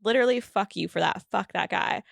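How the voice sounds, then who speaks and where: A woman's voice: mid-range voice, fairly quick, vocal fry, no echo, clean studio sound. A woman co-hosting a podcast in casual chat, blunt and fired-up, swearing heavily. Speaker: podcast co-host.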